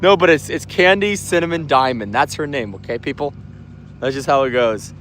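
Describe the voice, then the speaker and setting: A man's voice: mid-range voice, normal speed, a bit bright, slight background noise. Laid-back young man livestreaming outdoors. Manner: laid-back, slangy, reads comments aloud. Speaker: livestream host reading chat. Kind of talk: casual livestream chat. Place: outdoors at night on a work site.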